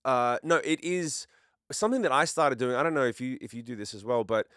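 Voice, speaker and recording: A man's voice: mid-range voice, a little fast, a bit bright, clean tone, no room sound. An Australian man co-hosting a casual studio chat, telling stories in a rambling way with many restarts. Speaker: podcast co-host. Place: recording studio.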